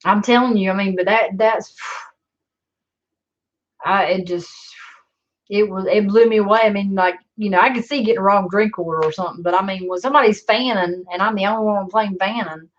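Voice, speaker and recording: A woman with a medium-pitched voice tells a story briskly in a casual storytelling vlog, rambling, sarcastic and swearing often. The lo-fi recording sounds slightly dull.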